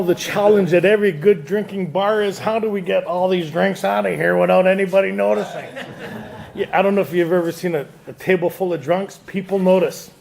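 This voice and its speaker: A man's voice: sits high, a little slow, vocal fry. A man speaking to a recovery meeting audience, a joking storyteller who laughs often at his own lines. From Canada.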